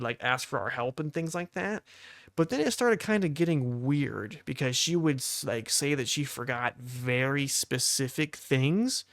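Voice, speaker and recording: A man's voice: medium pitch, dry recording, clean studio sound. A young man hosting a podcast, telling a casual story with lots of "like" and acting out the voices of the people in it. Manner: animated storyteller, heavy use of "like", acts out quoted voices. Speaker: podcast co-host.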